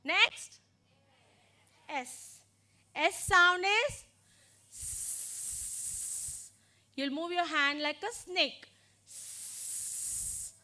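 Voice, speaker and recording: A woman training teachers in phonics, modeling letter sounds slowly and deliberately. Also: very high voice, sharp tone.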